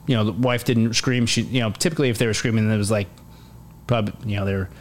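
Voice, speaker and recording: Storytelling army sergeant major, faint hiss. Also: male voice, lowish voice, quick pace. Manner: animated, acts out quotes, many fillers and restarts. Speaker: army command sergeant major, podcast guest. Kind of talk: casual storytelling interview.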